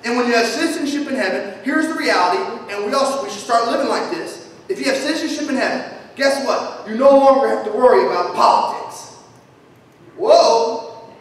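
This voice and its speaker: A man preaching a sermon as pastor, animated and humorous, swinging between shouts and quiet asides. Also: very high voice, quick pace. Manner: humorous storytelling. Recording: echoey hall from far off, faint noise.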